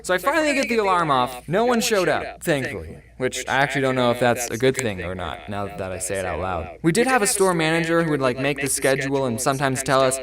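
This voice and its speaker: Animated man telling a comic story. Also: mid-range voice, fast talker, hardly any pauses, distant mic, a crowd in the background. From Arizona. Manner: expressive, exaggerated, talks to viewers directly. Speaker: storytelling video host. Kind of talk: animated comedic storytime narration.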